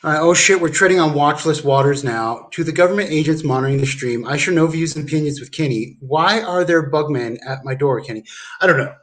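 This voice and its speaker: A man's voice: fairly high pitch, brisk, a bit bright. Rambling, swearing man on a livestream. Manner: rambling, profane, meandering with fillers. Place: at home.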